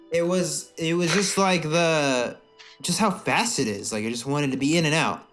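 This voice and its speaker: Young man, podcast co-host, profane, rambling, swooping pitch, faint background music. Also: brisk. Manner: rambling, profane, animated, acts out silly scenes in put-on voices. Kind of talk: crude comedic podcast banter.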